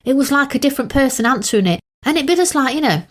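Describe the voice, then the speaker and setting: A woman's voice: high-pitched, expressive, rapid-fire. A woman from England co-hosting a podcast, telling stories in a chatty, casual way. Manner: chatty, storytelling. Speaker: podcast co-host. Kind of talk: casual chat.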